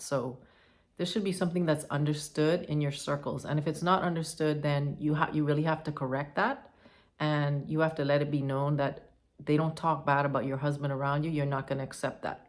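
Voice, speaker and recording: A woman giving advice to the camera in a monologue, emphatic and firm, repeating her points. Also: low voice. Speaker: advice vlogger.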